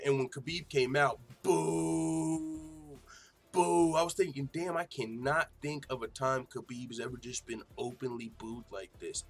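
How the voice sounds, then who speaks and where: A man hosting an MMA talk show, chatting casually with lots of swearing and sudden loud outbursts. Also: mid-range voice. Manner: excitable, swearing, mimics quotes loudly. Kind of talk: casual profane commentary.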